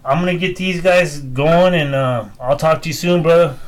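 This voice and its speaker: A man's voice: on the high side, normal speed. Profane, easygoing middle-aged man hosting. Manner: loose and profane, turns quietly emotional. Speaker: podcast host. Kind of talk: casual podcast chat.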